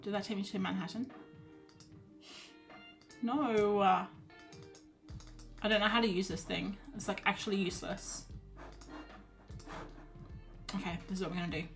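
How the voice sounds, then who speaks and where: A woman chats casually through an art livestream at a middle pitch. She is self-deprecating and thinks out loud as she goes. Soft music plays faintly underneath. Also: steady tone, normal speed, gravelly, long pauses. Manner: chatty, self-deprecating, thinks aloud while reading chat. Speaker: art streamer.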